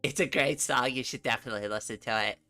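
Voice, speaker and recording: A woman's voice: very deep voice, quick pace, sharp tone, soft background music. A middle-aged woman from New England chatting casually on a livestream from her room, rambling and laughing often. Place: home room.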